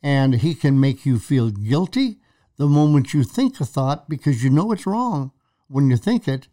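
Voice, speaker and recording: A preacher co-hosting a faith talk show speaks in a medium-pitched, dark voice with lively intonation and an unhurried pace. In conversational Bible teaching, he retells Bible stories and acts out quoted lines with dramatic emphasis.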